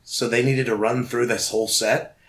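A man guest telling rambling, excited stories in a casual interview, often acting out what people said. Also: medium pitch, normal speed. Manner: excitable, rambling, acts out quoted voices. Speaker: guest musician.

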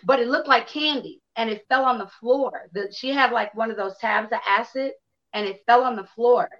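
Sharing a personal story with listeners, this Chicago woman in her fifties speaks at a moderate pace in a fairly high voice. She's candid and animated, performs the quotes, and swears freely, all in lo-fi sound.

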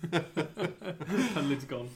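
A young man hosting a podcast, bantering casually and laughing often. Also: takes it slowly. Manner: chatty, laughing, teasing banter. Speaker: podcast host. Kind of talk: casual chat.

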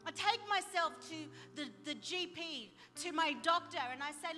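A middle-aged woman telling a personal story in a sermon, lively and full of quoted dialogue. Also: extremely high pitch, moderate pace, hardly any pauses, long reverb tail, soft background music. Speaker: speaker sharing testimony. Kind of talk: sermon-style personal testimony.

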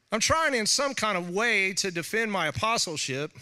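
Man, pastor, sermon, high voice, bright tone, animated, laughing asides, middle-aged. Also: normal speed, hardly any pauses.

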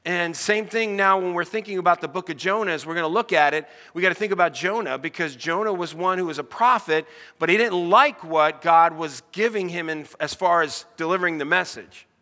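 A middle-aged American pastor delivers a sermon in a bright, forceful voice that sits a little high for a man. He talks in an easy, conversational way and keeps putting questions to the congregation. His words ring out with a long reverb across a church hall. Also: fairly quick.

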